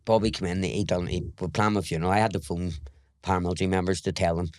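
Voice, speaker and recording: A man's voice: low voice, steady tone, fast, dry recording, clean studio sound. A middle-aged man with a Northern Irish accent, talking frankly and at length as a podcast guest, rambling through his story and acting out old conversations. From Northern Ireland. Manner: rambling, frank, swears, retells scenes in dialogue. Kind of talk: candid interview storytelling.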